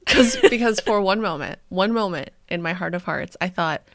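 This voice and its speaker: A young adult woman co-hosting a podcast in casual chat, playful and swearing, her voice a little rough from singing the night before. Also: on the low side, normal speed, no room sound, studio quality. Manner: playful, swearing, breaks into sung impressions. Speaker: podcast co-host.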